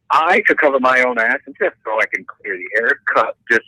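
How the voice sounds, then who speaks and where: A middle-aged man, a tattoo artist, telling a story in casual podcast talk, animated and profane, acting out the people in it. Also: mid-range voice, fast talker, hardly any pauses, dry recording, rough recording. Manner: animated, profane, acts out voices in stories.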